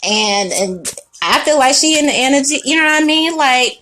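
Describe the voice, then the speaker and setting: Profane, high-voiced tarot reader woman. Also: moderate pace, a little hiss or hum. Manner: blunt, profane, animated, laughing often. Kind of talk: casual tarot reading monologue.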